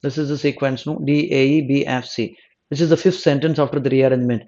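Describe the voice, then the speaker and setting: A man's voice: mid-range voice, fairly even intonation, fast talker, darkish tone. Guy teaching exam prep, goes over answers, keeps rephrasing, kinda dull lo-fi sound. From South India. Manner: repeats himself, rephrases mid-sentence, asks "no?". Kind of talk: explaining test answers.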